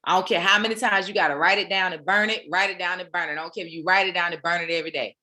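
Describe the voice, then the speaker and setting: A woman's voice: fairly low pitch, steady tone, rapid-fire, pushed and bright. A woman hosting a weekly motivation session, talking in a preachy, playful way full of casual slang. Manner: preachy, playful, uses Black American slang. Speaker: motivational host. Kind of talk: motivational talk. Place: home, online session.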